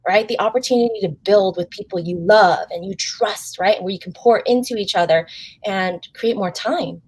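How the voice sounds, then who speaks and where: A woman's voice: mid-range voice, moderate pace, darkish tone, breathy edge, no room sound. A woman hosting an interview show, talking with effusive, gushing enthusiasm and calling the audience "guys.". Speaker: host.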